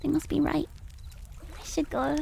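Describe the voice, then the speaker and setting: A woman's voice: high voice, flat delivery, unhurried, creaky, heavily acted. A woman voicing a timid, sorrowful baby duckling boy in a storybook reading. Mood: hurt. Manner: sorrowful, quiet.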